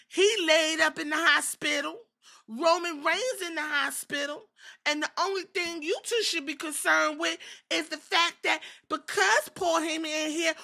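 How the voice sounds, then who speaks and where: A woman's voice: high voice, pushed and bright, voice pushed up, full character voice. A woman voicing a cocky young male wrestler who taunts and boasts.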